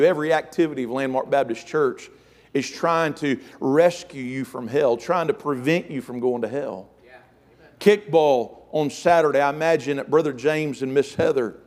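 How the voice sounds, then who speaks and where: A middle-aged pastor delivers a fervent sermon. His voice sits a little high for a man, and he keeps his listeners close with repeated calls to listen. He weaves a long anecdote into the preaching. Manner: fervent preaching, storytelling, frequent "amen" and "listen".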